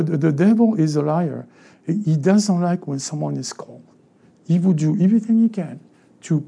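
Man, pastor, French accent, high gravelly voice, sermon, animated. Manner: animated, acts out voices of church members.

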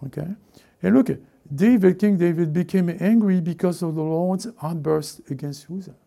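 Mellow, gravelly-voiced male pastor preaching. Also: high voice, normal speed. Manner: animated, acts out quoted voices, frequent restarts. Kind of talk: sermon.

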